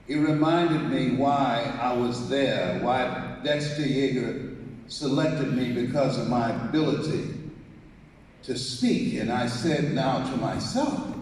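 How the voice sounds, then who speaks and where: A man's voice: medium pitch, animated, takes it slowly, darkish tone. A man giving a live motivational speech, telling a story, acting out the dialogue and calling on the audience to repeat after him. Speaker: motivational speaker. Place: large hall with audience. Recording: echoey hall, mic from far off.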